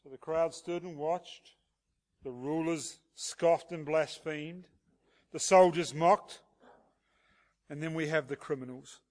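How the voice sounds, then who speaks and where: A man's voice: on the high side, slow, long pauses. A man preaching an expository sermon and asking the congregation rhetorical questions. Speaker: pastor.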